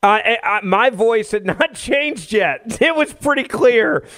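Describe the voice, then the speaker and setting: A man in his forties from Tennessee, a radio host telling a personal story as an interview guest, lively and laughing easily. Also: extremely high pitch, unhurried, no echo.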